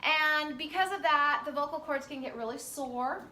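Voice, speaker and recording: Casting: female lecturer, high bright voice, chatty with fillers, recorded from far off in an echoey classroom. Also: normal speed, slight background noise. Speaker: teacher.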